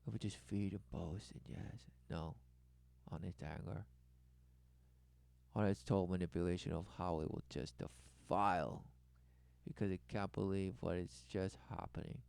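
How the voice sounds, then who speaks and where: A man with a gravelly, creaky voice rambles through a commentary, burst after burst, then drops to a low mutter. The tone is smooth and clear under the grit. The sound is close and dry, with no room around it. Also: steady tone, normal speed, no echo. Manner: swings from loud exclaiming to low muttering; repetitive, breathless wordplay. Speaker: commentator reacting to a documentary.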